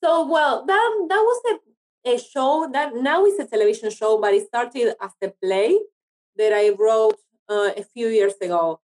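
An actress from Argentina with an Argentinian Spanish accent, speaking English as a second language in a casual interview, often pausing to search for words. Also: female voice, a little high, lively intonation, darkish tone, poor audio. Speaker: actress guest.

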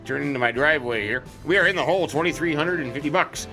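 Folksy let's-play host, jokey and rambling, a bit high-pitched, bright, soft music behind. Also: male voice, fast talker. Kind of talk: role-play farming game commentary.

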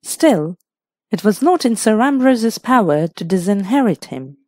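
A woman voicing a frank, brisk middle-aged hostess with an emphatic manner. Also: mid-range voice, very animated, warm tone, no echo, studio quality.

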